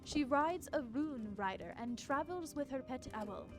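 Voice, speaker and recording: A woman's voice: high-pitched, animated. Woman doing a formal secretive spymaster. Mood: grave. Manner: measured, formal. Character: secretive spymaster hiding in shadows. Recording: game music behind.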